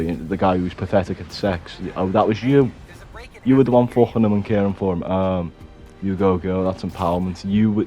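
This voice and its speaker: A man's voice: sits low, warm tone. A young man ranting bluntly to camera, swearing often and restarting his sentences. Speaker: vlogger. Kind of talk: unscripted rant to camera.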